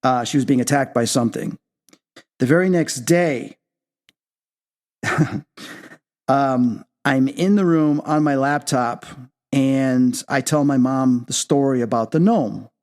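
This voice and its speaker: A man hosting a paranormal talk show, telling a personal story in an animated way. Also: slow, pauses often. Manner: excitable, leaps high when reenacting his own reactions. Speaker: podcast host.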